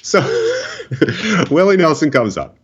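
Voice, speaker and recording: A man's voice: high-pitched, huge pitch swings, slow, slightly rough, lo-fi sound. A man co-hosting a casual podcast, recapping a movie with wry, sarcastic asides. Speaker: podcast co-host.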